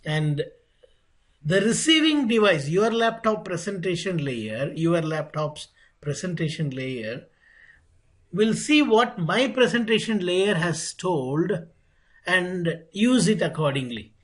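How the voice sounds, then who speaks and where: A networking instructor lectures over a laptop call. His voice sits a little high and a bit husky. He talks slowly and deliberately, repeating his points and asking rhetorical questions. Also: very animated, poor audio. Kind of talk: online technical lecture.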